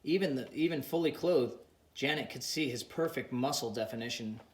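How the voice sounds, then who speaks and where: A man reads a story aloud in a plain, unhurried way. His voice has an ordinary middle pitch for a man. The recording carries a noticeable roomy echo. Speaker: audiobook narrator. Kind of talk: audiobook narration.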